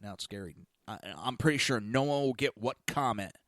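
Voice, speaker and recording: A man hosting a talk podcast, delivering a blunt, crude monologue that swings between loud ranting and low, muttered asides. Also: fairly quick, dry recording, studio quality. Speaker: podcast host. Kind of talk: opinionated talk show monologue.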